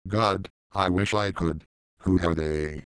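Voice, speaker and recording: A man's voice: sits low, steady tone, takes it slowly, clear, resonant tone, no echo. A man reading the lines of a puzzled, earnest young woman in a story. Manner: earnest, puzzled, plain-spoken. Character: bewildered young woman, the narrator's girlfriend.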